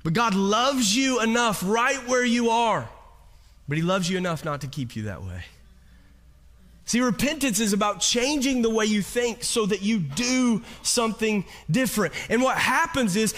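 A man pastor preaching a sermon to a congregation, animated, with rhetorical questions and humor. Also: high-pitched, normal speed.

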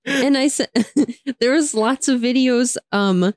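A woman's voice: sits high, takes it slowly, no room sound, clean studio sound. A young woman co-hosting a podcast, chatting casually, laughing often and ranting with energy. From United States. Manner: animated, laughs often, rants. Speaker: podcast co-host. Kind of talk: casual chat.

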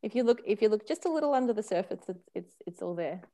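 A woman in her thirties talks as a parenting consultant on a podcast. Her delivery is casual and animated, broken up by easy laughter and restarts. She often acts out small quoted voices to make her point. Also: mid-range voice, fast talker, slight background noise. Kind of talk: casual conversational chat.

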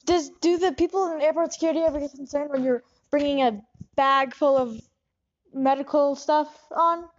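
A woman's voice: high-pitched, normal speed, lo-fi sound. A woman hosting a comic improv interview, asking probing, incredulous questions. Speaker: interviewer host.

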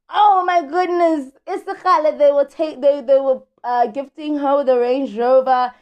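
High-voiced chatty woman. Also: steady tone, lo-fi sound. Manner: chatty, slangy, drawn-out emphasis on words. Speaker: podcast host. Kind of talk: casual celebrity gossip chat.

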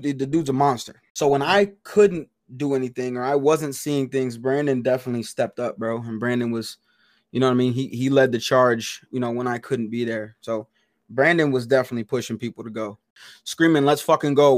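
A man co-hosting a podcast, telling stories in a loud, profane, animated way, full of slang and swearing. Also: mid-range voice, normal speed, no echo, studio quality. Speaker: podcast co-host. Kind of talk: casual chat.

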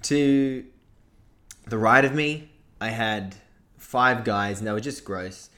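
A young man with an Australian accent, animated and laughing as he tells a story in a casual podcast chat. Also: mid-range voice, slow. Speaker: podcast co-host.

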